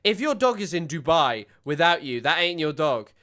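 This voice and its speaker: A man streaming casual reaction commentary. He has a bright, clear voice pitched fairly high, and his manner is sardonic and quick to react. He is close on a desk mic. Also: very animated. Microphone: desk microphone.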